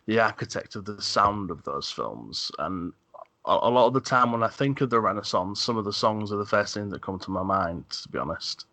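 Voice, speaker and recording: Male podcast co-host, low bright voice, thoughtful with many ums. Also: animated, a little fast, no room sound. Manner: thoughtful, hesitant with frequent ums and restarts. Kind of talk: casual film podcast chat.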